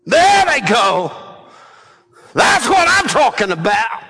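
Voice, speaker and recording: A man's voice: extremely high pitch, very animated, slow, bright, forceful tone, breathy edge. A man preaching a fiery, emphatic sermon, rallying the congregation with frequent exclamations.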